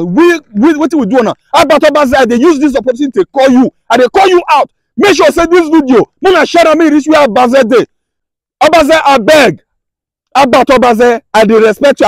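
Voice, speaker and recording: A man's voice: very high voice, animated, fairly quick, no echo. A man with a Nigerian accent, a vlogger urgently pleading with viewers to share his appeal for help. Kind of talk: impassioned appeal to camera.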